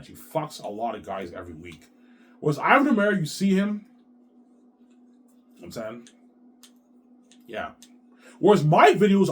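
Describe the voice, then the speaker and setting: Man, 30s, vlogger. Agitated, repetitive, swears constantly, with pitch swinging wide between loud outbursts and low mutters. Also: slight background noise. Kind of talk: rambling monologue to camera.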